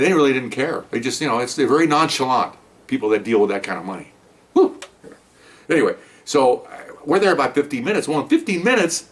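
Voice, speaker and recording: A man's voice: medium pitch, distant mic. A man, a retired police officer, casually telling a long story, rambling with lots of asides and fillers. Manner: rambling, conversational, lots of "you know" and "okay".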